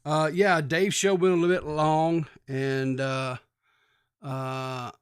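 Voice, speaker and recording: A man co-hosting a casual livestreamed podcast, his voice sitting a touch higher than most men's. He talks in a halting way, filling gaps with lots of uhs. The sound is dry and close, with no room echo. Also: steady tone, clean tone. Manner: halting, many filler uhs. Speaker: podcast co-host.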